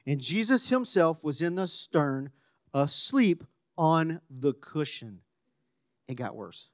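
A man preaching a sermon, animated and conversational, dropping to a hushed voice when acting out quotes. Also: fairly high pitch, takes it slowly, no echo, studio quality. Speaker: pastor.

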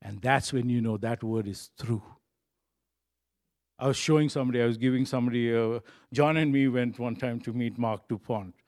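A man's voice: medium pitch, normal speed, darkish tone. An earnest male pastor delivers a sermon in a conversational, unpolished way. He restarts sentences and leans on casual fillers while speaking directly to his listeners. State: choked up when recalling a moving moment.

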